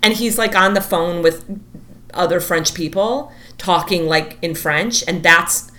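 A woman's voice: on the low side, measured pace. A woman in her thirties chatting casually, telling a story and acting out the quotes with lots of "like". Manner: animated, acts out quotes, says "like" a lot.

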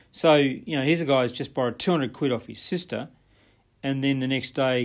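A man's voice: mid-range voice, steady tone, brisk. A man hosting a money podcast, telling a client story in a conversational way and often checking in with "right?". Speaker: podcast host and money coach.

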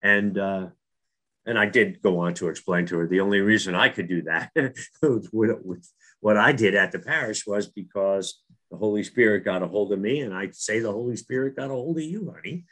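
Man, middle-aged, from new jersey, earnest, slightly low voice, rambling restarts. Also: normal speed, fairly bright tone. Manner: earnest, repeats words and restarts. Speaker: guest telling a faith story. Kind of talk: casual storytelling.

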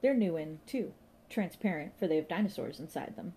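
A woman's voice: lowish voice, lively intonation, a little fast, mellow, a little hiss or hum. A woman doing a breezy, gossipy receptionist. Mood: chatty. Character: chatty flirtatious female museum shop receptionist.

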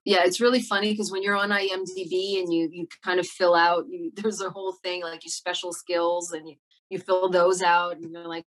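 A woman's voice: on the low side, steady tone, normal speed. A woman actor being interviewed, talking casually and reflectively, with many fillers and restarts. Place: Montreal.

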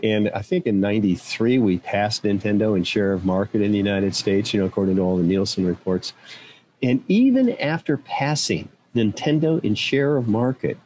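An older man with a mellow, low voice tells rambling anecdotes as an interview guest, chuckling at his own stories. A faint hum of noise sits under his voice. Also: moderate pace. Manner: rambling anecdotes with self-amused laughs. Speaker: interview guest, former executive. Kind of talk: casual interview storytelling. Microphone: own microphone, remote.

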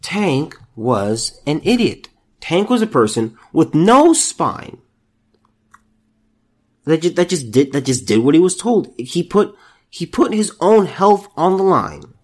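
A man's voice: on the high side, very animated, measured pace, darkish tone, breathy edge. Incredulous ranting male podcast host. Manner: incredulous, ranting, many restarts. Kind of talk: solo commentary podcast.

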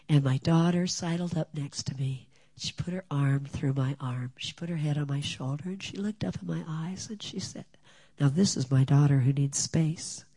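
Animated older woman telling a story. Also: low voice, slightly rough, dry recording. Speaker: speaker at a women's gathering. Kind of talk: personal testimony talk.

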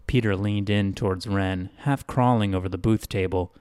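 A man reading a scripted story in an even, measured way. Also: lowish voice, clean tone, no room sound, clean studio sound. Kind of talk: scripted narration.

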